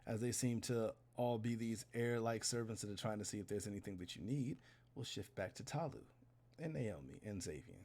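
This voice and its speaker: A man's voice: fairly low pitch, a little fast, warm tone. A man narrating a tabletop role-playing game as game master, describing scenes steadily.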